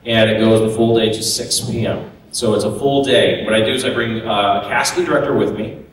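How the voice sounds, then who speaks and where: A man voice actor explains his workshops in a relaxed, easygoing way. His voice comes from some distance in a reverberant convention room. Faint ambience hums behind him. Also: fairly low pitch, fairly quick, a little hiss or hum. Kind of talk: casual panel talk. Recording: echoey hall recording from far off.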